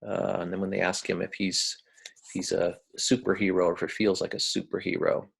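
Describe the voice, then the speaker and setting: An American man giving a recorded lecture, talking in a relaxed, hesitant way with many ums and uhs. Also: low voice, fairly quick, gravelly, slightly rough. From United States.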